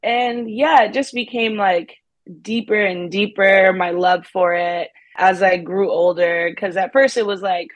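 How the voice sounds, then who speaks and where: A woman's voice: medium pitch, steady tone, measured pace, no echo. Upbeat young woman actress, dry sound. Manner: upbeat, laughs often, many fillers like "like". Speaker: guest actress. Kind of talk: casual interview chat.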